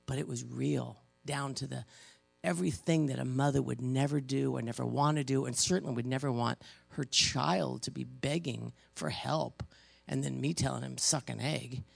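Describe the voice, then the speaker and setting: A woman preaching a sermon, emotional and halting, pausing between stressed words. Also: extremely low pitch, steady tone, no room sound, soft background music. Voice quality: gravelly.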